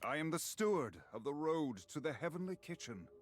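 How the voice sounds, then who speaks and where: A haughty, sneering friar. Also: male voice, fairly high pitch, sing-song, a little fast. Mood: disdainful. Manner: haughty, contemptuous, preachy. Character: pompous stern male friar preaching about cooking. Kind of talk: video game voice acting.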